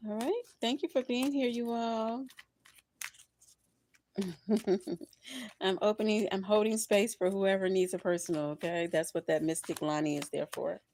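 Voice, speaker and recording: An older woman reading tarot on a livestream, expressive and preachy, often laughing and calling her listeners honey and baby. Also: mid-range voice, unhurried, long pauses, slight background noise. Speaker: tarot reader.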